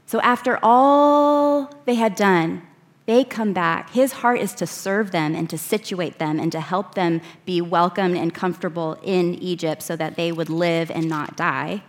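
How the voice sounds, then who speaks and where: A woman preaching, reading scripture verses aloud and slowing down to stress key words. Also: lowish voice. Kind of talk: sermon.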